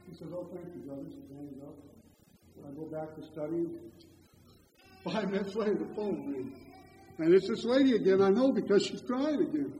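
A man preaching a sermon, who stresses points loudly and slowly and then drops to a quiet storytelling voice. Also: high-pitched, lively intonation, slight background noise. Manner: emphatic, swings from loud slow stresses to quiet storytelling. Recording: echoey hall, dull lo-fi sound.

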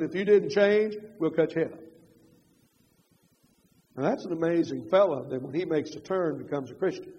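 An older man preaching a sermon, moving from loud emphatic passages to quiet confessional storytelling. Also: high-pitched, slightly rough. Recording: dull reverberant hall.

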